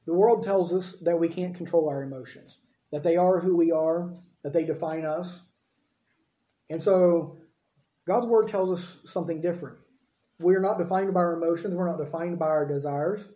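At a moderate pace, a pastor with a fairly high, mellow voice preaches in a relaxed, conversational manner and keeps checking in with those listening. The recording is dull and lo-fi, with the roomy echo of what sounds like a church sanctuary.

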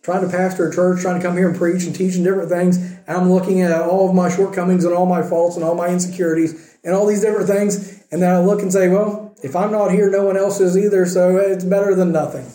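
A man's voice: high voice, flat delivery, fast talker, hardly any pauses, warm tone, roomy sound, poor audio. A man preaching a conversational sermon as pastor, using rhetorical questions. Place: church sanctuary.

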